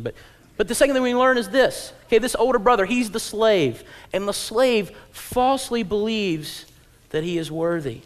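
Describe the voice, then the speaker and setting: Animated high-voiced male preacher. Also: normal speed, in a large hall. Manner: animated, swings from loud acted-out quotes to low quiet asides; humorous, conversational preaching. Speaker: pastor. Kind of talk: sermon.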